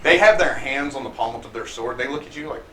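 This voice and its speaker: A game master narrating a tabletop game with lively, chuckling narration. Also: medium pitch, fast. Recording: noisy recording.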